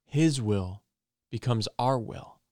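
A man's voice: mid-range voice, expressive, takes it slowly, a little mellow, no echo, clean studio sound. A man giving an earnest personal testimony and preaching, repeating phrases for emphasis.

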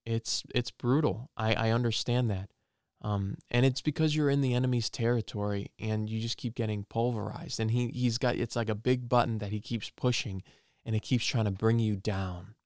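A man's voice: lowish voice, fairly even intonation, normal speed, a little mellow, smooth, no room sound, clean studio sound. A man giving an earnest personal testimony and preaching, repeating phrases for emphasis.

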